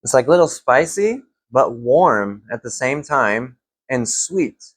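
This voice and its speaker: A young man reviewing fragrances in a casual vlog, relaxed and rambling with lots of fillers. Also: mid-range voice, a little slow, slightly rough, no room sound.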